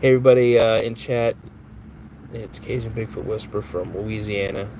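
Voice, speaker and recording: A man's voice: on the low side, steady tone, moderate pace, a little mellow, a little hiss or hum, rough recording. A man hosting a podcast live stream, chatting casually with viewers in a rambling, off-the-cuff way. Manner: rambling, reads chat aloud, flares up angrily at a troll. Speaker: podcast host.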